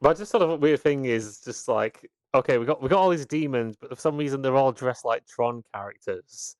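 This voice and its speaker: A man's voice: mid-range voice, lively intonation, a little fast, dry recording. A man, co-hosting a podcast, chatting casually with many restarts and easy laughs. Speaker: podcast co-host. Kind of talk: casual chat.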